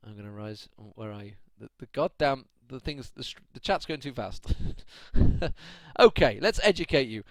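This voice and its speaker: A man's voice: medium pitch, sing-song, normal speed, dry recording. Chatty man casting solo. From United Kingdom. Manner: chatty, laughing, ranting at chat. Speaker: esports caster. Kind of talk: solo live stream commentary.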